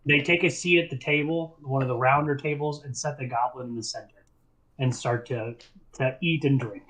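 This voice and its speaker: Game master narrator, man, mid pitch, unhurried with little pauses. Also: steady tone, fairly bright tone, low-quality recording.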